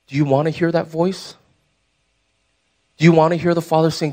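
A man's voice: on the high side, little pitch movement, moderate pace, long pauses, a little mellow. A young man preaching a sermon as pastor, conversational and emphatic, putting direct questions to the church.

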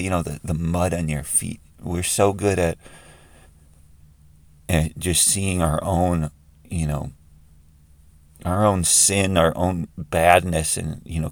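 Deep-voiced man leading a guided prayer. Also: no echo. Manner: conversational, with frequent restarts.

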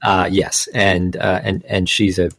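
A man hosting an interview, asking long questions haltingly and repeating words as he gathers his thoughts. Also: low voice, little pitch movement, vocal fry, fairly bright tone, no echo. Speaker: interviewer, podcast host. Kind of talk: conversational interview.

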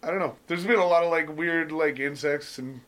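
A man's voice: fairly high pitch, fairly quick, a bit bright. A young man hosting a podcast in a laid-back, joking chat, swearing freely and laughing often. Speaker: podcast host. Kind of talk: casual chat.

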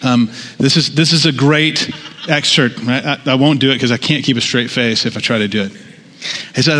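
A man's voice: mid-range voice, normal speed, sharp tone. A man preaching a sermon in a conversational way, with asides and restarts. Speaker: pastor. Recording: long hall reverb.

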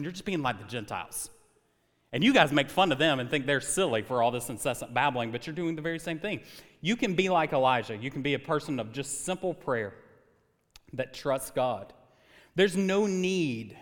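A young man preaching a sermon as pastor, animated and conversational with touches of humor. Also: fairly high pitch. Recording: long hall reverb.

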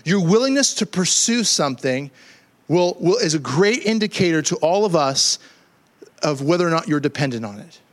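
A man's voice: a little high, big pitch swings, normal speed. A middle-aged man preaching a sermon as pastor, conversational and joking, often repeating words as he builds a point.

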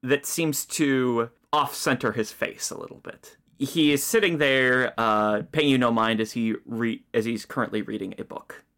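A man narrating a tabletop game as game master, describing scenes in a relaxed way with many fillers. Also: medium pitch, moderate pace, few pauses.

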